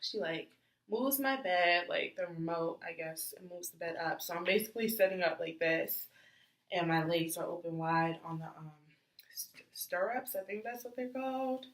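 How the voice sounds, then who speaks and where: A young woman telling a casual storytime in a chatty, animated way with lots of fillers and acted-out reactions. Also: lowish voice, moderate pace, echoey room, rough recording. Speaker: vlogger.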